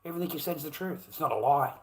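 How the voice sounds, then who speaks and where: A man's voice: on the high side, rapid-fire, darkish tone. A man delivering a heated, profane, repetitive rant in a monologue. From Australia. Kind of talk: ranting monologue.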